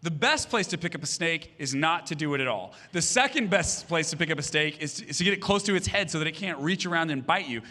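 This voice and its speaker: This thirty-something pastor talks fast in a slightly high voice, his intonation lively and his pauses rare. He delivers a sermon on a church stage, bright and forceful, spinning humorous family stories and performing each character's voice.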